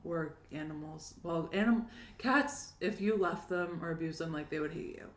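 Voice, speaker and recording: A woman's voice: on the low side, normal speed, roomy sound. A young woman co-hosting a podcast, telling stories in casual chat and laughing often. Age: young adult. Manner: chatty storytelling, laughs often. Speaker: podcast co-host.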